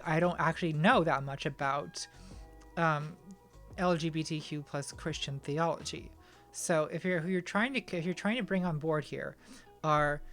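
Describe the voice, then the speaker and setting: A woman answering viewer questions on a casual livestream, thinking aloud with a self-deprecating manner and frequent restarts, at a home streaming setup. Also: deep voice.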